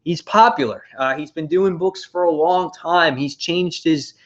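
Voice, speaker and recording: A man's voice: a little high, unhurried, muffled recording. A young man hosting a live comic book review show, talking casually with lots of fillers and exasperated rants. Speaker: host.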